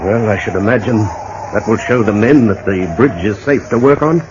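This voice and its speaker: A man's voice: lowish voice, moderate pace, close to an everyday voice. Direction: as a man, play a pleading, scared bridge owner with an Australian accent; old radio transcription. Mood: worried. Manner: pleading, anxious. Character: frightened middle-aged male bridge owner. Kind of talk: 1940s radio acting. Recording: dull old radio transcription with faint hiss.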